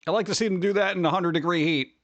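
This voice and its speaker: A male streamer talks in a loose, rambling, joking way, reading chat messages as they come in. His voice sits fairly high for a man, and the sound is dry and close with little room to it. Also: racing, no echo, highs cut off. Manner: rambling, jokey, reads chat aloud. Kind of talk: casual live-stream chat.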